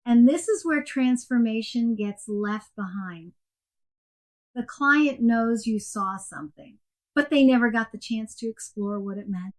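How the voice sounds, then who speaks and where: A woman giving a scripted coaching lesson in a clear, measured and emphatic way. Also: a little high. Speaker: coaching instructor. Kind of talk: scripted instructional narration.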